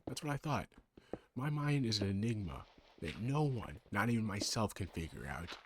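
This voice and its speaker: A man in his twenties with a low, very animated voice delivers casual let's play gaming commentary at a moderate pace, with noise in the background. Rambling and sarcastic, he bickers with himself, switching back and forth between two sides.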